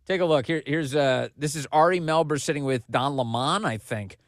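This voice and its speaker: A man's voice: on the high side, moderate pace, no echo, clean studio sound. A man hosting a political commentary podcast, talking in a mocking, sarcastic way and laughing at what he covers. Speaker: podcast host.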